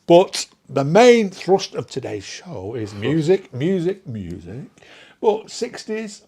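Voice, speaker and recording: A man, co-hosting a casual chat show. He reads out viewer shout-outs and chats along. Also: fairly high pitch, big pitch swings, takes it slowly, breathy edge. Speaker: co-host.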